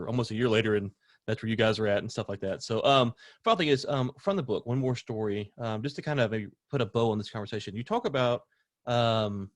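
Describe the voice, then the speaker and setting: A man's voice: fairly low pitch, no echo, studio quality. A man hosting an interview, asking long rambling questions with many fillers. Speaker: podcast host.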